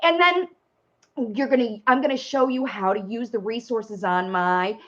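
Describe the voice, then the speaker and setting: A woman's voice: medium pitch, moderate pace, muffled recording. A woman parent coach giving a chatty live-stream talk, speaking directly to viewers and walking them through steps. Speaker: parent coach and speech facilitator.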